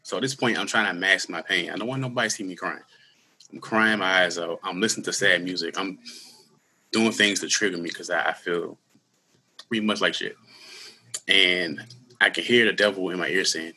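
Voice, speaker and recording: Earnest husky man telling his story. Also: low-pitched, pushed and bright. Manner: earnest, candid, halting with many restarts. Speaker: guest; school security worker. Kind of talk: personal story in a podcast interview.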